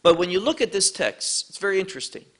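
A man teaching an evening Bible study, reading scripture aloud and slowly explaining the Hebrew words. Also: high voice, big pitch swings, a bit bright. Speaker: pastor.

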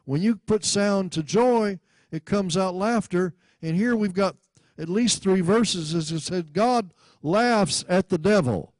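In a dry recording, a man with a high-sitting voice delivers a sermon at a slow pace. He often bursts into laughter and has the congregation repeat after him. While reading scripture he stumbles, repeating and restarting words.

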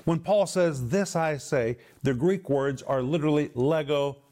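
A man teaching the Bible on a television program, explaining Greek words with slow, emphatic stresses. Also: fairly high pitch, mellow.

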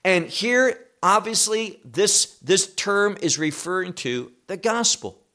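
A man's voice: high voice, very animated, slow, bright, forceful tone. A man giving a Bible teaching, emphatic and posing rhetorical questions he then answers.

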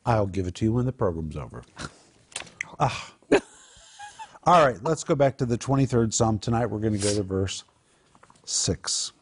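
A man's voice: fairly low pitch, animated, moderate pace, long pauses, a little hiss or hum. A man hosting a Christian program, teaching from the Psalms in an earnest, emphatic conversational way. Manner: earnest, emphatic, builds to raised exhortation. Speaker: Bible teacher and program host.

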